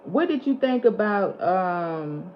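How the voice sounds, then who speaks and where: A woman's voice: lowish voice, lively intonation, slow. A woman, chatting casually on her vlog and animatedly retelling movie scenes. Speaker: vlog host. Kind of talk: casual chat. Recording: slightly dull lo-fi audio with faint background hiss.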